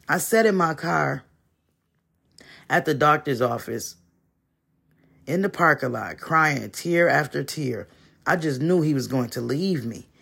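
Guy reading a short story, slow dramatic pauses, raspy fry, kinda high voice. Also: fairly bright tone. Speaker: story reader.

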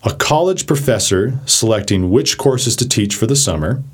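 A man talks through a vocabulary lesson in a casual, chatty way. His voice is lively, with pitch that swings widely as he explains. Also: normal speed, breathy edge. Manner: animated, chatty, acts out examples. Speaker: vocabulary teacher.

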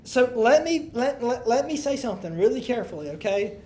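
Woman, Bible study teacher, fairly high voice, emphatic scripture reading, casual asides. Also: big pitch swings, brisk, mellow. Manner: reads scripture aloud emphatically, then explains in loose casual talk with restarts. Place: room with a group of listeners.

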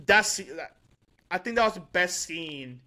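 A man co-hosting a podcast, chatting casually and excitedly, rambling with restarts and laughs. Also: high-pitched, takes it slowly. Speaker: podcast co-host. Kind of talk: casual chat.

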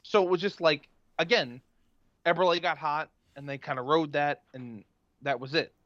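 A man's voice: a little high, fairly even intonation, moderate pace, fairly bright tone, no room sound. A man in casual sports chat, rambling with lots of restarts and fillers. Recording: dull lo-fi dry sound.

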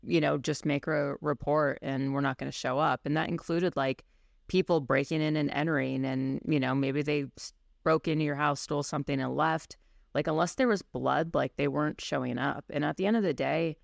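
A woman's voice: deep voice, steady tone, moderate pace, creaky, no room sound, clean studio sound. A woman co-hosting a podcast and chatting casually about teaching firearms classes, speaking candidly and bluntly with lots of "you know.". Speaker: podcast co-host and firearms instructor.

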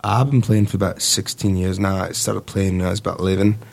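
A young man in his twenties speaks low in a gravelly voice with a Midwestern American accent. He talks in a relaxed, rambling way, easy and unhurried. He sounds like a Navy sailor chatting casually about himself. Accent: Midwestern American, put-on. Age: 20s. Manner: relaxed, rambling, laughs easily. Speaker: guest, Navy sailor and guitarist. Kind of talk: casual interview chat.

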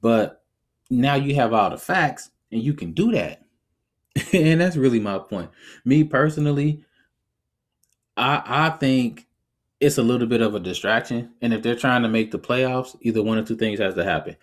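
A man hosting a podcast, giving his opinions in a casual, animated way and often laughing as he talks. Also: medium pitch, normal speed. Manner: conversational, reflective. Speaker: podcast host.

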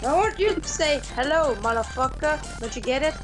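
Young woman, high voice, fast crude swear-y podcast host, music playing behind. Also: expressive. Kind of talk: casual podcast chat.

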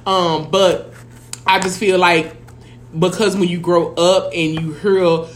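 A woman's voice: lowish voice, little pitch movement, takes it slowly, slight background noise. A woman, co-hosting a casual chat, blunt and profane, who keeps saying "you know what I'm saying.".

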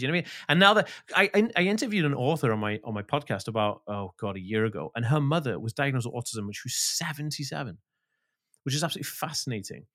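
A man talking as a podcast guest, animated and emphatic, swearing freely. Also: mid-range voice, fast talker. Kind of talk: casual interview talk.

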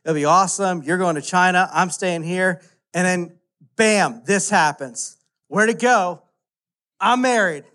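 A man, preaching a casual, animated story-driven sermon full of "like" fillers. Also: high-pitched, unhurried. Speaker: pastor.

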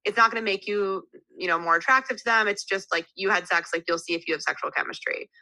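Candid woman in her thirties, bright crisp voice. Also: medium pitch, quick pace, no room sound, low-quality recording. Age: 30s. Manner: candid, animated storyteller full of "like" fillers. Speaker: podcast guest. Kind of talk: casual chat.

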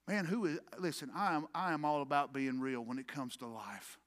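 A man preaching a sermon as pastor, swinging from quiet murmurs to loud impassioned peaks. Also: fairly high pitch, normal speed. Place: church sanctuary.

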